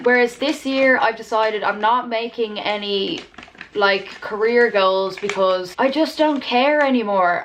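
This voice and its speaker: A woman's voice: medium pitch, fairly bright tone, slight background noise. Rambling, candid young woman vlogging at home. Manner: rambling, candid, swears freely. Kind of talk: casual chat.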